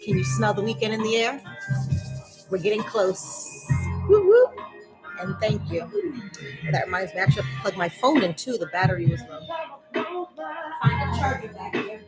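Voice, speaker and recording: Chatting with her live dance fitness class, a woman tells stories in an animated way, full of whoops and laughter. Her medium-pitched voice moves at a moderate pace with long pauses. The rough recording has music playing underneath.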